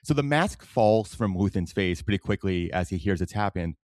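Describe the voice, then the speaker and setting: A man with a New York accent co-hosting a podcast, telling stories in an animated way with many restarts. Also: deep voice, moderate pace, no room sound, clean studio sound. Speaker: podcast co-host. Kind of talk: casual chat.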